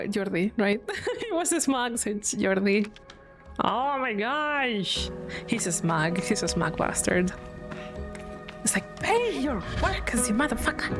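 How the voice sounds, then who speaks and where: A woman from Spain with a Spanish accent, chatting casually on her stream, giggling often and swearing freely. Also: a little high.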